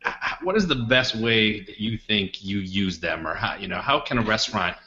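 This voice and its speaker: A man interviewing a guest, asking questions in a halting way with hesitant restarts. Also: on the low side, expressive, sharp tone. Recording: dull, echoey room sound.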